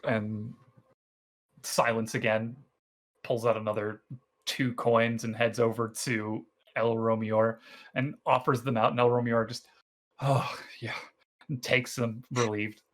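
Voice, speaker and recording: A man narrating a tabletop game as dungeon master in a relaxed, conversational way. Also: medium pitch, a little slow.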